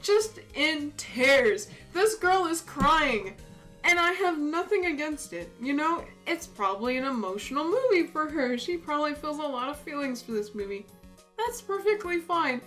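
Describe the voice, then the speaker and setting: A woman's voice: high voice, moderate pace. A young woman streamer casually telling a funny story while drawing, laughing often as she talks. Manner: giggly, animated, laughs often. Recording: faint music playing behind.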